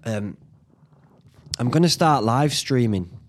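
This is a man, talking casually as the host of his own podcast. He rambles in a relaxed, chatty way, drops in the odd swear word and laughs at his own jokes, at an ordinary middle pitch. He sounds like he is in a small home studio. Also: slow, slight background noise. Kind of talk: casual solo podcast chat.

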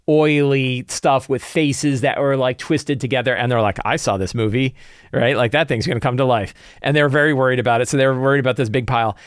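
A man recapping his tabletop game session as game master, animated and quick to act out his players' lines. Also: medium pitch, smooth, dry recording, clean studio sound. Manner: animated, acts out player and NPC quotes, frequent restarts.

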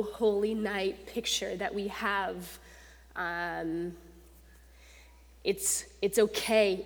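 A young adult woman preaching a sermon in a conversational, animated way, acting out quotes with rising intensity. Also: mid-range voice. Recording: long reverb of a large hall.

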